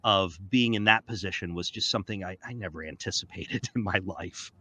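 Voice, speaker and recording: A man in his forties, a voice actor guest, telling stories in a casual interview with an excitable, animated manner. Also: sits low, a little fast, dry recording. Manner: animated, excitable, often slips into playful character voices.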